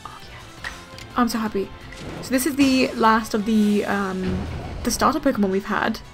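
High-voiced excitable woman gaming. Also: normal speed. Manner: excitable, gasping, thinking aloud. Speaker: gaming let's player. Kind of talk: casual gameplay commentary. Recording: faint game music behind.

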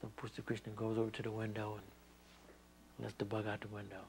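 A man tells a story about his teacher, acting out the quoted lines with energy. His voice has a gravelly edge. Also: lowish voice, monotone, fast talker, darkish tone, slight background noise. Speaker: disciple recalling his teacher. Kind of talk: reminiscing interview.

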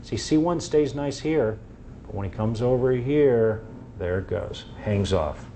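Man, medical presenter, anecdotal, middle pitch, faint background noise. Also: measured pace, warm tone. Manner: anecdotal, acts out quoted exchanges. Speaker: doctor presenting to an audience.

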